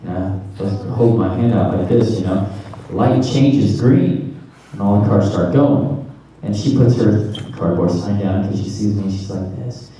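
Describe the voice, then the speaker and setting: A man's voice: lowish voice, a little slow, warm tone. A man from the American South in his thirties, animatedly telling a funny story to a convention audience, laughing as he goes. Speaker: convention panel guest. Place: large convention hall. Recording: far, echoey hall with noise.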